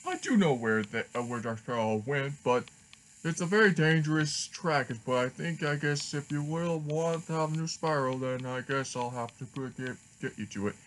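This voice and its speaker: A cautious male pilot from a cartoon, as a man puts him on, hesitant and unsure. He keeps pausing and letting his words trail off. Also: medium pitch, a bit bright, a little hiss or hum, natural voice, low-quality recording.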